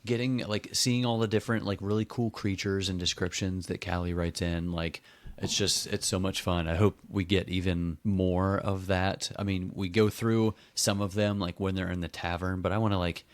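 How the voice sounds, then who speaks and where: A man co-hosts a casual book chat, relaxed and enthusiastic, with a lot of "like" filling his sentences. His voice is very low. The recording is dry and close. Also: moderate pace, no room sound. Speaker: podcast co-host.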